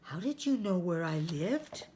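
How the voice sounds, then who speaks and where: A woman's voice: on the low side, big pitch swings, a little slow, mellow, slight background noise. A woman reading aloud, voicing a young boy who blurts and stammers when flustered. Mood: eager. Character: young boy, startled and eager.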